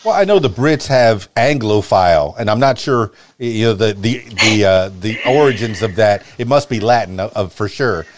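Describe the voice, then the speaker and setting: A man's voice: fairly low pitch, lively intonation, normal speed, few pauses, a little hiss or hum. A male podcast host who speaks neutral American broadcast English, stammering and repeating words as he asks questions. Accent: neutral General American broadcast. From Miami, Florida. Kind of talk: casual podcast interview.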